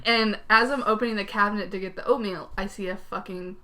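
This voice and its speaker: A woman co-hosting a podcast, telling a story in a casual, animated way, laughing often and swearing freely. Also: medium pitch, fast. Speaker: podcast co-host. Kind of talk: casual chat.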